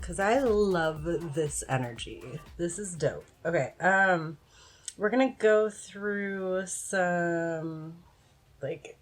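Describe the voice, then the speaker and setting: A woman's voice: fairly low pitch, very slow, faint music behind. A woman giving a casual, frank pick-a-card tarot reading, encouraging and swearing now and then. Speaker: tarot reader.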